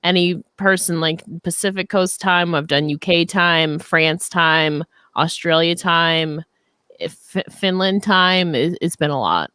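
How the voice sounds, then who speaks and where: A woman's voice: fairly low pitch, slow pace, sharp tone, smooth, no room sound. A young woman guest on a casual video-call interview, rambling with lots of fillers and restarts. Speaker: interview guest, podcast host.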